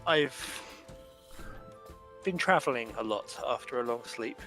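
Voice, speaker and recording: A man's voice: mid-range voice, expressive, music in the background. A man voicing an ancient male warforged construct who speaks in a formal, roundabout way. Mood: courteous. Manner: formal, measured, politely roundabout.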